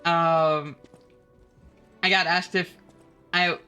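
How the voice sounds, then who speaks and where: A woman's voice: lowish voice, level tone, very slow, bright, forceful tone, clean tone, soft background music. A woman streaming a game live, chatting and laughing as she thanks and answers chat.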